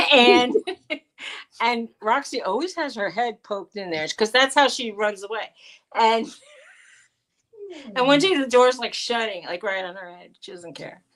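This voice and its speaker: A middle-aged woman co-hosting a casual live chat, animated and coaxing her pet in a high baby-talk voice. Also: a little slow, pauses often. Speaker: co-host of a live chat show.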